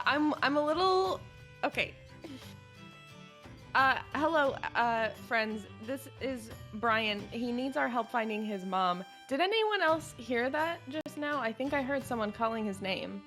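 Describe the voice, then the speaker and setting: Hesitant woman player, slightly high voice. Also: lively intonation, slow, a bit bright, soft background music. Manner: hesitant, many fillers. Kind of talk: casual tabletop play.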